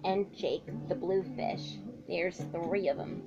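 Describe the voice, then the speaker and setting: A woman's voice: lowish voice, takes it slowly, muffled recording, music in the background. A woman in a casual show-and-tell vlog, announcing her handmade puppets one by one and giving them animal noises.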